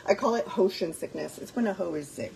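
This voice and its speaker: A woman's voice: medium pitch, a little fast, gravelly, a little mellow, slight background noise, rough recording. A young woman hosting a casual cooking vlog from her home kitchen, chatting freely and dropping in phrases. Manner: chatty, switches into Spanish phrases, frequent fillers. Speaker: cooking vlogger. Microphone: phone on a tripod.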